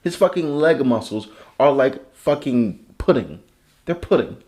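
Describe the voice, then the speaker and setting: A man's voice: mid-range voice, lively intonation, unhurried, mellow. Male podcast host from Chicago, foul-mouthed sarcastic ranter, solo comedy show. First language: English. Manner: profane, ranting, sarcastic.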